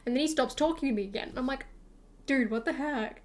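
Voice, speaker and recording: A woman's voice: high-pitched, a little fast. A young woman streamer rambling through a casual storytime chat, full of fillers and acted-out quotes of herself.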